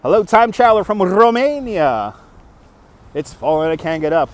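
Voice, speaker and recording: A man's voice: sits high, sing-song, normal speed. A man hosting a casual walking livestream on city streets at night, chatting, laughing often and answering viewer comments, recorded on a phone on a gimbal. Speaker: livestream host. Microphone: phone on a handheld gimbal. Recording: faint traffic noise.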